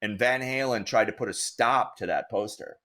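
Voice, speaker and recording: A middle-aged man, a guest artist, telling a story casually, animated and swearing, acting out the voices of people he met. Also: mid-range voice, moderate pace. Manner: animated, swearing, acts out dialogue.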